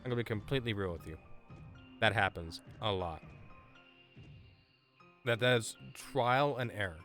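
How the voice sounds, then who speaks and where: A man streaming a game live, chatting excitably with viewers and stammering over his words. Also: lowish voice, moderate pace, soft background music. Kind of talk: live gameplay stream chat.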